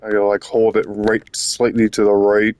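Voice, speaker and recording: A man's voice: fairly low pitch, monotone, moderate pace, darkish tone. A man giving casual commentary while playing a video game, frustrated, rambling and swearing. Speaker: gaming YouTuber.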